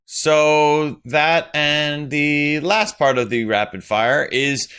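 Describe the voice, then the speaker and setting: A man co-hosting a casual crypto podcast, talking in a relaxed, rambling and joking way. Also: a little high, slow pace, clean tone. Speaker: podcast co-host. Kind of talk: casual chat.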